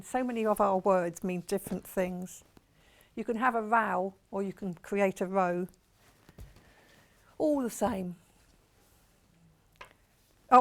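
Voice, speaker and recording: A woman's voice: medium pitch, vocal fry. A woman with a Portsmouth accent presenting products live on a shopping channel in a television studio, chatty and rambling, gushing over what she shows. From England.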